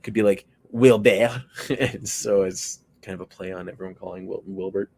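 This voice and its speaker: Low gravelly guy rambling and cracking jokes, answering chat while he works on a puppet. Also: fairly even intonation, normal speed, darkish tone, rough recording. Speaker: puppet builder hosting a stream. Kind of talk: casual chat while crafting.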